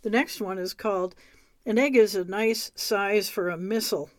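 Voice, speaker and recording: A woman reading a memoir aloud in a measured, wry way. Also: medium pitch, no room sound. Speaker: reader.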